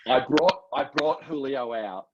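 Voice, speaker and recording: Ein Mann mittleren Alters mit australischem Akzent, der als Co-Moderator locker und selbstironisch plaudert. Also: male voice, mid-range voice, lively intonation, a little slow, very noisy. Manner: easygoing, laughs along, self-mocking. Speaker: co-host. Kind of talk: casual comedy chat. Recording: dull, husky, dry lo-fi sound.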